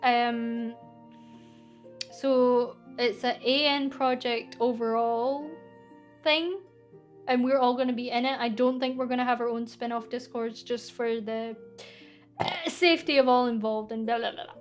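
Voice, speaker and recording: Scottish woman, high bright pitch, casual streamer Q&A, laughs easily while reading chat. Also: fairly even intonation, a little slow, soft background music. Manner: chatty, giggly, reads viewer comments aloud. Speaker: VTuber streamer.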